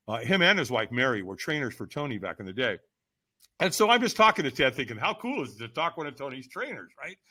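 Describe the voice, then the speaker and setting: A man telling a personal story as a podcast guest, lively and emphatic, acting out quoted lines with sudden shouts. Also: a little high. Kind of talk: animated storytelling in conversation.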